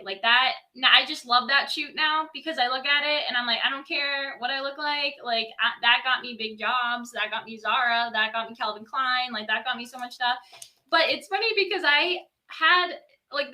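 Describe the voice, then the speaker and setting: A young woman chats as a podcast guest, her voice high and bright. She tells stories in an animated rush, scattering "like" through every sentence. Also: a little fast. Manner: animated storytelling, many "like" fillers. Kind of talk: casual interview chat.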